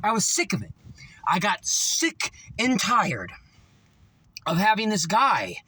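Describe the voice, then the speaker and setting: A man's voice: sits high, takes it slowly, slightly rough, no room sound. A man giving a rambling, profane motivational monologue, telling his stories with animation and many fillers. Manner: animated storytelling. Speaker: motivational vlogger.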